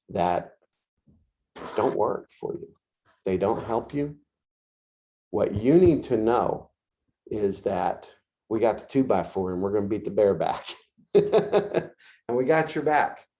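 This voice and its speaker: A man's voice: fairly low pitch, dark tone. A man leading a real estate office meeting, folksy and reassuring, laughing often. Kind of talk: team meeting talk.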